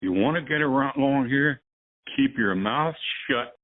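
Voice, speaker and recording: A man doing a gruff old Italian mob boss. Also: mid-range voice, moderate pace, pitched above the performer's own voice, natural voice. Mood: stern warning. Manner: blunt, warning, tough-guy lecture. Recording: tinny phone line.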